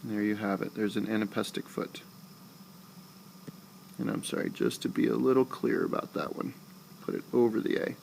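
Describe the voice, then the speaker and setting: A man teaching a screencast lesson, explaining slowly and patiently and saying syllables aloud with exaggerated stress. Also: fairly low pitch, creaky, a little mellow, a little hiss or hum. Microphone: tablet recording.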